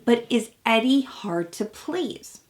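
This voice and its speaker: A woman's voice: fairly high pitch, expressive, slow pace. A woman therapist giving chatty, reflective commentary on a reality TV episode and acting out quotes from the show.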